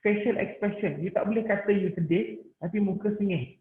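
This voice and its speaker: A man with a Malaysian English accent, a paediatrics lecturer teaching online, mixing languages and restarting words often. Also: high-pitched. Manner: code-switches, halting repetitions. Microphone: computer mic on a video call, camera off. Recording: tinny, echoey online call audio.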